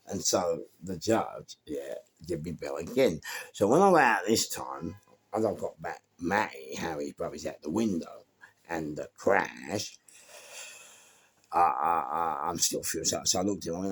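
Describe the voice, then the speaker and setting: A man with a London accent telling a lively, slangy story and acting out what people said. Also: low voice, a little slow, husky. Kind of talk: casual spoken anecdote.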